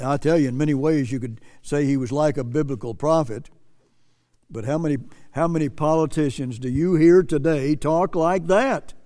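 A man's voice: on the high side, darkish tone, big-room sound. A man preaching earnestly, repeating phrases for emphasis and reading quotes aloud. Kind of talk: sermon commentary.

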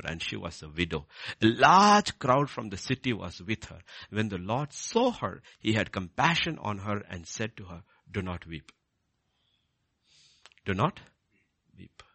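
A middle-aged man preaching a sermon, moving from quiet low scripture reading to loud, high-pitched exhortation. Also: husky, dry recording.

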